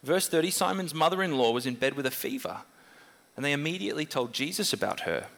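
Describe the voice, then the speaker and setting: A man preaching a sermon in a conversational, animated way, jumping up in pitch when he voices questions. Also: fast talker, vocal fry. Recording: long hall reverb.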